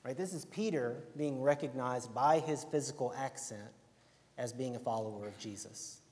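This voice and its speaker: In a darkish mid-range voice at normal speed, the young preacher from Alabama keeps his sermon loose and conversational. He repeatedly checks in with "right?" under a long hall reverb.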